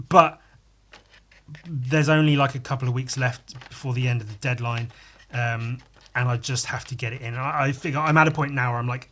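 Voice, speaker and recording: A man's voice: mid-range voice, steady tone, moderate pace, a bit bright. A man casually chatting as he draws live for a podcast, rambling, muttering to himself and tossing in crude jokes. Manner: rambling, crude jokey asides, muttering while working. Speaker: podcast host drawing live. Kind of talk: casual chat while drawing.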